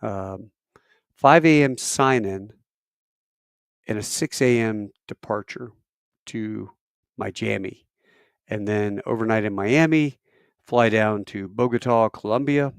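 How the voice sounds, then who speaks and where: A man's voice: lowish voice, gravelly, clean tone, no echo, studio quality. A man who works airline crew, talking casually on a live stream and rambling with fillers as he tells stories. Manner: rambling storyteller with fillers and restarts. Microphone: camera mic on a live stream.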